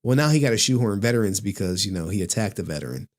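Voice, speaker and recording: A man's voice: on the low side, very animated, fast. A man hosting a commentary stream, reading a written statement aloud and breaking off with sarcastic, exasperated asides, swearing and laughing. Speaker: commentary channel host.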